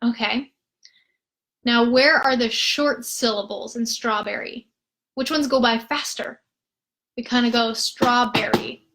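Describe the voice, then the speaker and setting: A woman's voice: fairly high pitch, unhurried, long pauses, fairly bright tone, low-quality recording. A woman with a Minnesotan accent, a music therapist, leading a live-streamed rhythm lesson and patiently counting in and chanting food words as beats.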